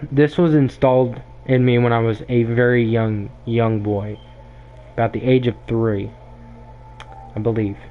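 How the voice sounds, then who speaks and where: A man's voice: mid-range voice, slight background noise. A young man hosting a podcast, delivering a blunt, emphatic opinion monologue that often circles back and repeats itself. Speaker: podcast host. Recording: tinny phone-like sound.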